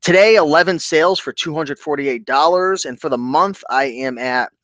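Chatty upbeat guy on a livestream, kinda high voice, dry close sound. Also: moderate pace, dry recording. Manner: upbeat, chatty, gives viewers shout-outs. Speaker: online reseller hosting a livestream. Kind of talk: casual livestream chat.

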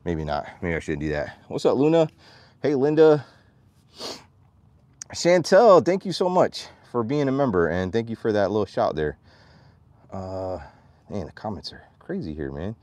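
Farm vlogger, male, animated and chatty outdoors, a very lively pitch, dry close sound, slightly winded. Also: normal speed, pauses often, no echo. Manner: chatty and animated, calling to his animals in a high voice. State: out of breath. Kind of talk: casual livestream vlog.

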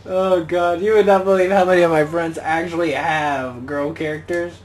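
A young gaming channel host with a slightly high voice gives casual, rambling commentary on his gameplay, joking, grumbling and muttering exclamations to himself. His tone stays steady and unhurried. The recording is rough, with a faint hiss underneath.

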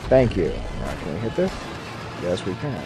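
Low-voiced man, lively gameplay commentary. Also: moderate pace. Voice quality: excitable, swings between mutters and shouts. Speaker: gaming YouTuber. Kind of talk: casual let's play commentary. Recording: game music behind.

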